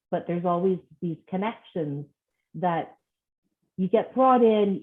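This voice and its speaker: A woman from Scotland, a guest author, talking in an earnest, reflective way in a casual interview. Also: fairly low pitch. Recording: tinny phone-like line.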